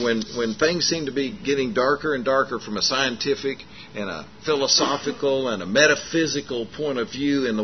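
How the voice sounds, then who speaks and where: Folksy preaching man, muffled recording. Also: mid-range voice. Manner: folksy, animated retelling with acted dialogue and frequent fillers. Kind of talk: sermon storytelling. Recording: muffled lo-fi sermon recording with faint noise.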